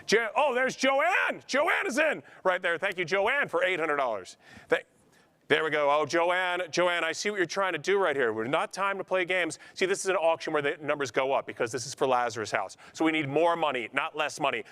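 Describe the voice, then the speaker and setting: Rapid-fire coaxing charity auctioneer man. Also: on the high side, animated, pushed and bright. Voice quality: talkative, gift of gab. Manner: relentless coaxing auctioneer banter, calling bidders by name. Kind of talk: live charity auction patter.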